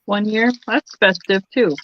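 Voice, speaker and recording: A woman's voice: mid-range voice, measured pace, dull audio. A woman chatting casually on a live stream, rambling and trailing off mid-sentence. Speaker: regular viewer on the stream.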